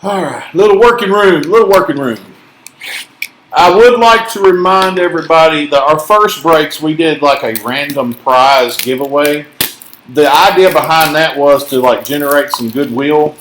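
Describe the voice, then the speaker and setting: A man's voice: on the high side, normal speed, fairly bright tone, slight background noise. A man from Tennessee with a mild Southern accent, hosting a casual card-break chat and joking as he calls out each card. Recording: echoey room.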